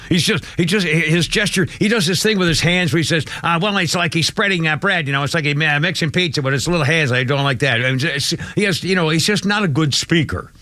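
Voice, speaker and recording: A man's voice: a little high, fast talker, few pauses, bright, forceful tone, no room sound. An older man from the United States hosting a radio talk show, opinionated and rambling with many restarts. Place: radio studio.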